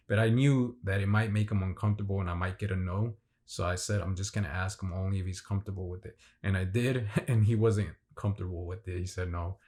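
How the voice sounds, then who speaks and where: A man's voice: low-pitched, a little mellow. A man recounting a fan signing event in a rambling, enthusiastic casual vlog, full of fillers and restarts. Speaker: vlogger.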